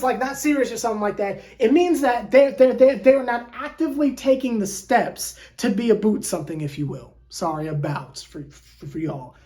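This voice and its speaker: A woman hosting a sports fan channel, venting in an animated, exasperated way with lots of stumbling repeats. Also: fairly high pitch. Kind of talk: casual fan rant to camera.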